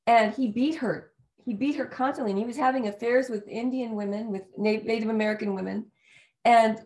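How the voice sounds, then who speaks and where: A woman's voice: medium pitch, a little mellow. A woman hosting a casual talk show, enthusiastic and affirming toward her guest as she tells a family story. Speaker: host.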